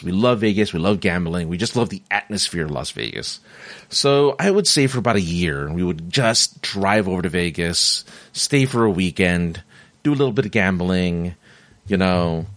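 A man's voice: sits low, no room sound. A middle-aged man casually telling personal stories, rambling and restarting his sentences and laughing at himself, with the hiccups. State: has the hiccups. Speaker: vlogger sharing personal stories. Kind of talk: casual monologue.

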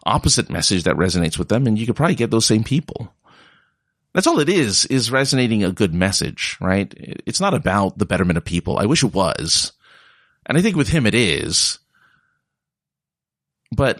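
Young man, deep voice, gravelly, lively up and down, rambling chat, dry close mic. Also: dry recording. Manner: rambling and conversational, mocking voices in quotes. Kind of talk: casual monologue.

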